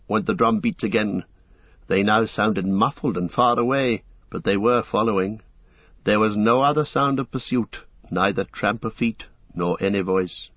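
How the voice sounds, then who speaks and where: Male narrator for an audiobook, husky voice, dry and dull lo-fi recording. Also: on the low side, moderate pace, no room sound. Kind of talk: audiobook reading.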